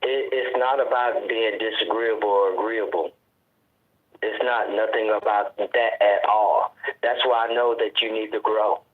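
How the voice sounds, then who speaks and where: A husky man argues insistently on a group phone call, circling back to the same points and talking over the other caller. His voice arrives through a narrow, tinny telephone line. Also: on the low side, fairly even intonation, unhurried. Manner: insistent, repeats himself, cuts in with "wait a minute". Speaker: conference call moderator.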